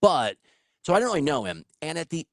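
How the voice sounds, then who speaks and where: Lively, animated male podcast host. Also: a little high, fairly quick, vocal fry, dry recording, studio quality. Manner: animated, laughing storyteller who swears. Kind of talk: casual storytelling chat.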